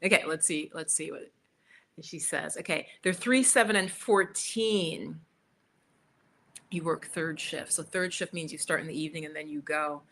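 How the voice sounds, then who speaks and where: A woman's voice: low voice, normal speed, fairly bright tone, slight background noise. A woman in her fifties, a yoga teacher, answering viewers in a chatty, encouraging live Q&A, repeating her points, recorded on a computer mic at home.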